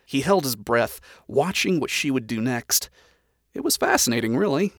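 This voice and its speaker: A man narrates a story aloud in an even, dryly expressive reading. His voice sits in a middle pitch. The recording is close and dry, with no room sound. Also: normal speed, no room sound.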